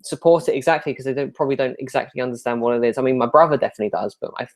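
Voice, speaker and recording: Speaking very fast in a gravelly, mid-range voice, a young man answers viewer questions on a live YouTube Q&A. His manner is rambling, casual, and self-deprecating.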